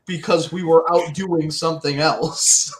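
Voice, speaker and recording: A man's voice: fairly high pitch, steady tone, unhurried. A man telling a story in a laid-back way during a casual chat. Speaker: co-host. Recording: echoey room.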